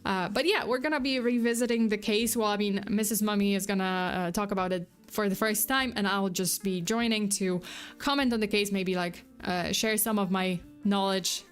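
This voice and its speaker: A woman's voice: mid-range voice, steady tone, moderate pace, smooth, soft background music. A woman streaming as a VTuber, chatting casually with her viewers in a rambling way with many restarts. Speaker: VTuber true crime streamer. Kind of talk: casual livestream chat.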